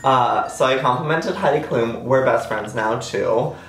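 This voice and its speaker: A man in his twenties telling a personal story in a chatty, self-mocking way, acting out quotes in a sudden high voice. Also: a little slow, a bit bright, roomy sound, soft background music. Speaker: vlogger. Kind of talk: casual storytime.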